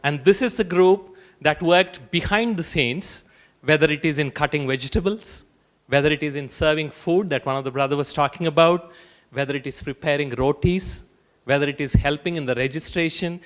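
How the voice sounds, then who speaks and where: A man's voice: a little high, normal speed. A man from India hosting a gathering on a handheld mic, thanking the volunteer team and calling people forward. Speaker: event host. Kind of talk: addressing a gathering.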